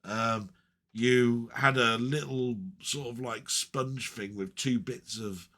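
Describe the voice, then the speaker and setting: A man's voice: medium pitch, steady tone, takes it slowly, fairly bright tone. A man rambling in a casual, chatty way with frequent ums and asides as a retro gaming vlogger.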